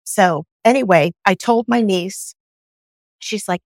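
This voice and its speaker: A woman guest on a podcast, telling her own story in a lively way and acting out the dialogue she quotes. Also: fairly low pitch, moderate pace, dry recording.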